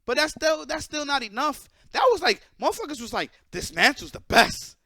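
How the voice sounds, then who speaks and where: A young man with a very high, bright voice rants to his viewers in a blunt, profane, animated way. The sound is dry and close, with no room echo. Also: moderate pace. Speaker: esports player and streamer. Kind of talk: casual ranting monologue to viewers.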